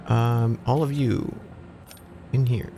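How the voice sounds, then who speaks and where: Laid-back guy streaming a game, chatty w/ chat, cusses a lot, mid pitch. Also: steady tone, slow, noisy background. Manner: chatty, swears casually, talks to chat. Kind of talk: casual gaming commentary.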